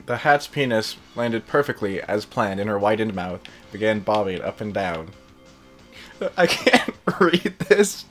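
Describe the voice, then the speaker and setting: A man reading fan fiction aloud while playing a game, in a casual, plain delivery broken by joking, distracted asides. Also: lowish voice. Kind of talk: casual read-aloud over gameplay.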